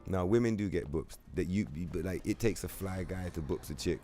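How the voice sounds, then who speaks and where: A man's voice: low-pitched, a little fast, dark tone, soft background music. A young man from London with a London accent, chatting casually on a gaming stream in loose slangy banter, answering his chat and swearing freely.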